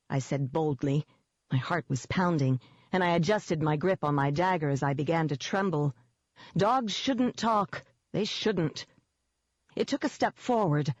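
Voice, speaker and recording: A woman's voice: low voice, a little mellow, no room sound, lo-fi sound. A woman giving first-person scripted narration of an audiobook in a tense, vivid storytelling manner.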